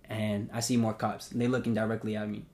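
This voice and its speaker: Young New man, podcast host; animated, profane storyteller who acts out the quotes. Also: fairly low pitch, fast talker. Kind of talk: casual storytelling.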